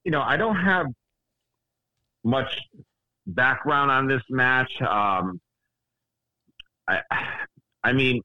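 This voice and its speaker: A man's voice: medium pitch, drawn-out words, pauses often, dry recording, dull audio. A man co-hosting a podcast in casual chat, answering hesitantly as he thinks aloud. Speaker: podcast co-host.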